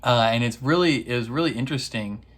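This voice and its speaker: This fast-talking man has a medium-pitched, fairly bright voice. Hosting a reaction video, he runs through an episode in slang with plenty of laughs, imitating characters in goofy voices and rambling with fillers and false starts.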